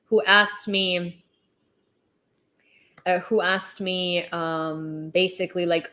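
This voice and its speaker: A woman's voice: fairly low pitch, fairly even intonation, takes it slowly, fairly bright tone. A young adult woman livestreaming casual commentary on the news. She talks in a chatty, sarcastic way, with lots of fillers and restarts.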